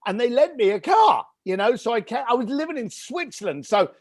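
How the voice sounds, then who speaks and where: A man with a high, light speaking voice tells a story with real energy, acting out his family's lines as he goes. The sound is close and dry, with no room in it. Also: brisk, breathy edge, dry recording. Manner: animated storyteller who acts out family dialogue. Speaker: podcast guest. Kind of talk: storytelling interview.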